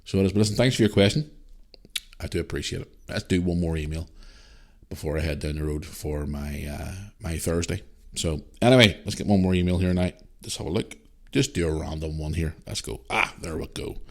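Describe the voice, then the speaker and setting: Low-voiced rambling male podcast host. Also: fairly quick, creaky. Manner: rambling and repetitive, with frequent restarts and swearing. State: parent, a single dad. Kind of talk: casual solo podcast monologue, answering listener emails.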